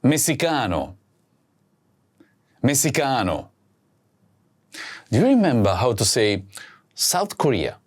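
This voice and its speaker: A man hosting a language lesson, speaking slowly and clearly and saying each word twice for practice. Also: medium pitch, sing-song, a little hiss or hum. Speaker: language teacher host. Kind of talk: slow scripted lesson with repeat-after-me drills.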